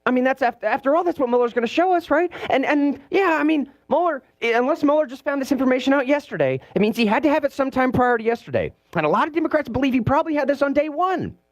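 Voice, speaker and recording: A man hosting a political talk radio show from a studio, animated and sarcastic, mimicking the people he talks about. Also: very high voice, quick pace, hardly any pauses, no echo. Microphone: studio mic.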